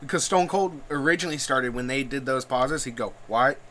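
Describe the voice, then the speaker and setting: A man's voice: mid-range voice, a little fast, pushed and bright. A young man co-hosting a podcast, eagerly explaining things in casual chat. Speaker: podcast co-host.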